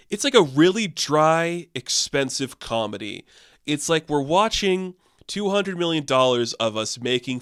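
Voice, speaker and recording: A man casually reviewing a movie, loose and profane, full of "like" fillers, jumping up in pitch when incredulous. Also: fairly bright tone, no echo, clean studio sound.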